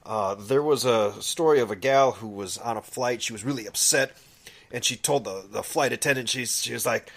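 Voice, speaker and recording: A man's voice: mid-range voice, moderate pace, gravelly, a bit bright. A man co-hosting a casual podcast in a studio, joking and telling anecdotes. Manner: jokey, tells anecdotes. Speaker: podcast co-host. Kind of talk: casual chat.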